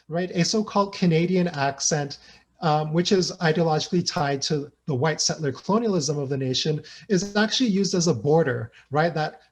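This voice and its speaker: A man giving an academic presentation over a video call, conversational, with hesitations and frequent "right?" tags. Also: a little high. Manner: thinks aloud with hesitations. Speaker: guest researcher presenting.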